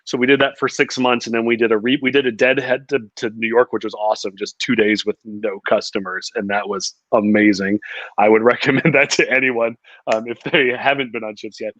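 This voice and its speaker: A man's voice: mid-range voice, fairly even intonation, fairly quick, fairly bright tone, no room sound, dull audio. A man chatting casually as podcast host, telling stories and laughing often. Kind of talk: casual chat.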